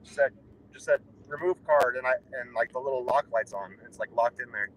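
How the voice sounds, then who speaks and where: A man's voice: medium pitch, fast talker, low-quality recording. A young man on a road trip, talking casually from his car in a rambling, wry, offhand way. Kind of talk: casual chat. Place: inside a car while driving. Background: faint road and vehicle noise.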